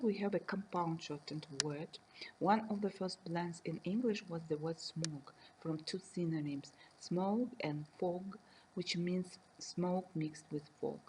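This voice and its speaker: Woman lecturer, measured and careful delivery, soft dark tone. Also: on the low side, slight background noise, poor audio. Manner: reads slowly and carefully, defining terms with examples. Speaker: university lecturer. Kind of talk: recorded lecture reading.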